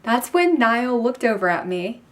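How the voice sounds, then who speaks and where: A young woman vlogging, telling a story in a gushing, excited way with lots of fillers. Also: medium pitch, normal speed, heavy background noise. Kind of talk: casual storytelling to camera.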